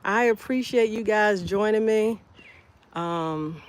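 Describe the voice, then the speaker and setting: A woman's voice: mid-range voice, takes it slowly. A woman hosting a casual livestream outdoors in her garden, chatting with viewers by name while she harvests. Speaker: homestead livestreamer.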